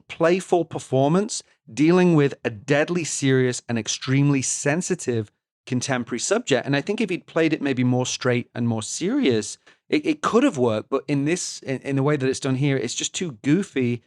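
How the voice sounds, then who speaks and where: Podcast co-host, male, mid pitch, analytical and halting, dry close mic. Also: expressive, no room sound. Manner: analytical, halting with many restarts. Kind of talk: casual film discussion.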